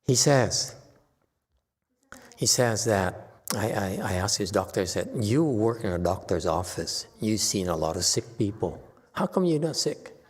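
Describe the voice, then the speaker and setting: A man's voice: on the low side, expressive, unhurried, husky. A man giving a casual Buddhist dharma talk as teacher, chatty and teasing, laughing often. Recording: reverberant hall.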